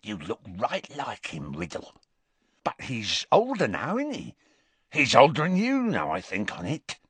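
A man voicing a volatile drunken older hermit who speaks in rough, coarse country speech. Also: mid-range voice, wildly swooping pitch, measured pace, a bit bright, no echo, heavily acted. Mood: dazed, muttering.

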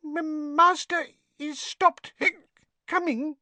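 Squeaky sobbing drunk elf lady, a guy putting it on, super high thin voice, dry sound. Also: fairly even intonation, extremely slow, bright, forceful tone, no echo, heavily acted. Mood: whimpering. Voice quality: squeaky, slurred broken grammar. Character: drunk tearful female house elf, loyal. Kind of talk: audiobook character voice.

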